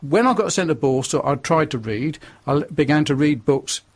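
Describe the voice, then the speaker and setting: A husky older man from northern England talks as a guest on a radio show, recounting his story plainly. His voice sits a little high, and he turns forthright and preachy when he pushes his point. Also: lively intonation, moderate pace. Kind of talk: radio interview, personal testimony.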